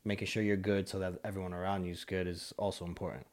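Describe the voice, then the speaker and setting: A man with a deep, low voice chats casually on a podcast. He rambles in a relaxed way, leaning on fillers as he goes. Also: fast. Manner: laid-back, rambling with many fillers. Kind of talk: casual chat.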